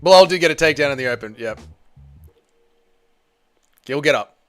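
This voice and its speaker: A young man hosting a live watch party, reacting loudly to a fight, swearing and shouting at the screen. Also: fairly high pitch, normal speed, smooth, dry recording, soft background music. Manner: excitable, swears a lot, yells at the screen.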